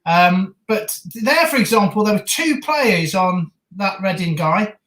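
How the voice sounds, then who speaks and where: Enthusiastic woman shouting at football, echoey room. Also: mid-range voice, animated, a little slow. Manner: enthusiastic, shouting at big moments. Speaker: stream co-host. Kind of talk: excited football match reaction.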